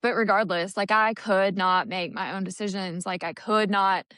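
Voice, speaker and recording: A woman's voice: medium pitch, steady tone, moderate pace, fairly bright tone, clear, resonant tone, dry recording. A woman co-hosting a recovery podcast, telling her own story openly and earnestly in casual chat. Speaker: podcast co-host.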